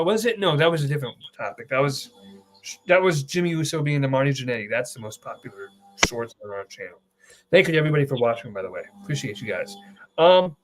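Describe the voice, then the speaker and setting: A young man hosting a casual wrestling chat, an excitable storyteller who swears freely. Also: a little high. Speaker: podcast host.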